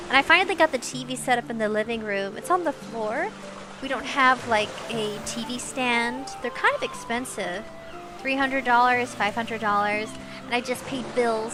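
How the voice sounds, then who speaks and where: A woman livestreaming from home on a desk mic, chatting casually with viewers in a bubbly, giggly way, with a high, squeaky voice. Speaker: VTuber livestreamer. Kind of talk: casual stream chat. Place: home streaming setup. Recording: music playing behind.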